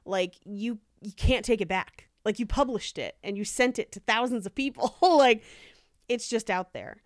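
A woman's voice: on the high side, normal speed, no room sound, studio quality. A woman co-hosting a casual podcast, telling a story in a chatty way with many "like"s and easy laughs. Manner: chatty, lots of "like", laughs easily.

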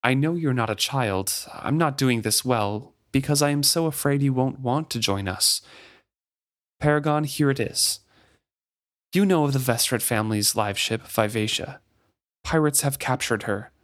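A man reading a gentle, nervous woman. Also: medium pitch, moderate pace, lightly acted. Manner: soothing, hesitant.

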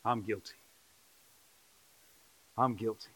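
A man preaching a sermon in church, joking with the congregation and building to loud, rising calls. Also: on the low side, fairly even intonation, takes it slowly, breathy edge. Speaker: pastor. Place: church sanctuary.

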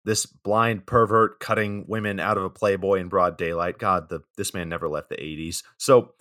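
A man's voice: low-pitched, fairly even intonation, moderate pace, pushed and bright. A young man co-hosting a podcast, recapping a movie's plot in a laid-back way with fillers and side comments.

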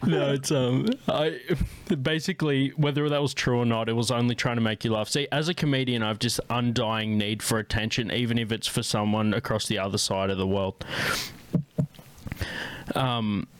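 A man's voice: medium pitch, fairly even intonation, moderate pace. An Australian man, a comedian hosting a podcast, chatting casually with lots of ums and restarts. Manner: rambling, with many ums and restarts. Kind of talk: casual interview chat.

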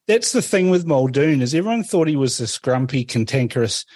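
A man's voice: mid-range voice, animated, a little fast, darkish tone, no room sound. A man hosting an interview, prompting his guest in a conversational way. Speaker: host. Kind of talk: interview questions.

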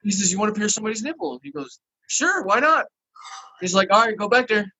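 A man's voice: sits high, racing, breathy edge, no echo, rough recording. A man telling a long story in casual chat and acting out the people in it. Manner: animated, acts out the people in his story.

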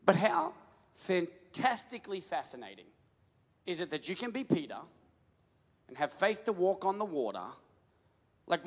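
A male pastor preaching a sermon, building to shouts and calling on the crowd to answer back. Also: a little high. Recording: long hall reverb.

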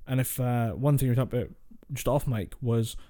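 A man's voice: mid-range voice, fairly quick, dark tone. A man with a Scottish accent co-hosting a podcast, rambling through points in casual chat and laughing easily. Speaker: podcast co-host.

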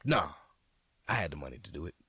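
A man hosting a podcast as a comedian, in a casual, profane monologue that jumps into high, excited outbursts. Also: fast, slightly rough, no room sound.

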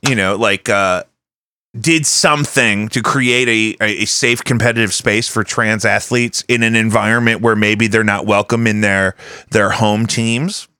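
Forceful-voiced man in casual podcast chat. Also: fairly low pitch, a little hiss or hum. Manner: rambling and profane, thinking aloud. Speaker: podcast host. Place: at home.

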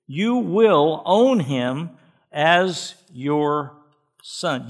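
Male pastor, emphatic sermon delivery, somewhat high-pitched voice, repeats words for weight. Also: unhurried, fairly bright tone. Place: church.

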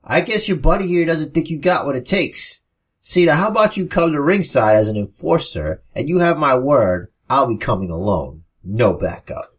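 A man's voice: on the high side, animated, pitched above the performer's own voice, lightly acted. A man doing a smug wrestling heel. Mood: sneering. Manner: measured and methodical, then sneering. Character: smug arrogant male wrestling villain.

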